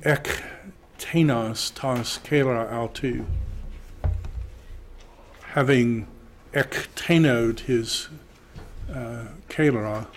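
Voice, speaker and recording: Male teacher, slow and deliberate, working through a Greek text in class. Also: mid-range voice, slight background noise. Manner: slow, reads Greek aloud then translates. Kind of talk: classroom lecture.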